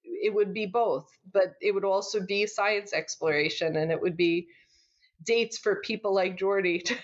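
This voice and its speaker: A woman comedian chatting as a podcast guest, animated and quick to laugh, often restarting her words. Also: medium pitch. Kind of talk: casual interview chat. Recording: slightly dull, lo-fi sound.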